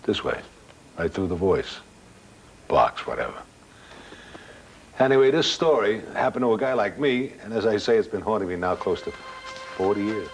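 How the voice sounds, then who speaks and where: A man's voice: on the low side, animated, moderate pace, gravelly, long pauses, soft background music. An older man telling a ghost story as a talk show guest, acting out the other people's voices. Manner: dramatic storyteller, acts out voices. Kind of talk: storytelling in an interview.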